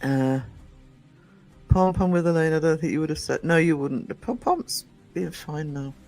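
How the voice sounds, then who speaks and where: A middle-aged man from northern England hosts a livestream in a loose, rambling way. He laughs often as he reads the chat, and his voice sits a touch high. Soft music plays faintly behind him. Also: normal speed, rough recording. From England, born in Nottingham, raised in Northumberland. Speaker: livestream host. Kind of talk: casual chat reading a live chat.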